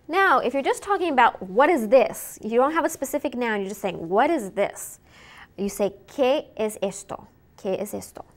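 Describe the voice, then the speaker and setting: A woman teaching a Spanish lesson, saying each word slowly and clearly and repeating it in drills. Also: on the high side. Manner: slow, clear drilling with repetition. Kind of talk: recorded language lesson.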